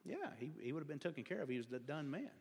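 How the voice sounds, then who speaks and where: A man's voice: fairly high pitch, very animated, quick pace, vocal fry, darkish tone, husky. A man preaching a folksy, conversational sermon as a lay speaker, drifting into digressions and self-deprecating humor. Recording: long hall reverb.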